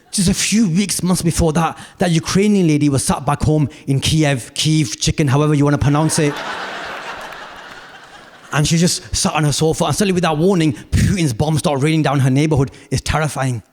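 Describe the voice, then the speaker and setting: A man doing stand-up on a big theatre stage, his voice sitting a touch high for a man. He tells long stories with punchy asides and now and then climbs into loud, shouted rants. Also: brisk. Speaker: stand-up comedian. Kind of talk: stand-up comedy.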